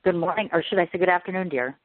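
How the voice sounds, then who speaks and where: A woman's voice: on the low side, rapid-fire, dry recording. A woman from the Midwest hosting a radio interview show, bubbly and gushing in casual chat. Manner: bubbly, gushing, self-deprecating. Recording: tinny phone-line radio sound.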